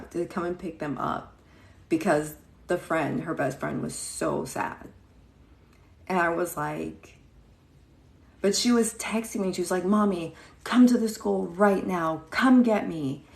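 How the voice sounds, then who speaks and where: A woman in her thirties chats on a livestream, telling a story and greeting viewers by name along the way. Her voice is low and gravelly and she talks slowly. The room around her is echoey. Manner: chatty, greets viewers mid-story, acts out quotes. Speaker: livestream host.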